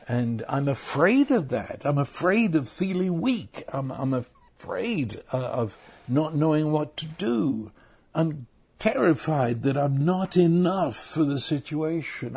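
An older man preaching a sermon, earnest and halting, often repeating his words as he goes. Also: fairly high pitch, a little mellow, breathy edge. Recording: dull lo-fi recording.

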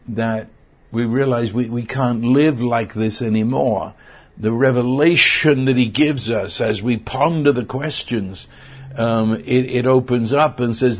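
A man preaching a sermon, earnest and halting, often repeating words as he searches for them. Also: mid-range voice, a little mellow.

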